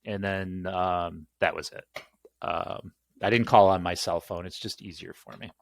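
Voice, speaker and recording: A man with a lowish voice rants in a loose, rambling way, swearing freely and sounding fed up. The sound is dry and close, with no room around it. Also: steady tone, unhurried, gravelly, dry recording. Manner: profane, exasperated, rambling. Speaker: channel host. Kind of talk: casual ranting monologue.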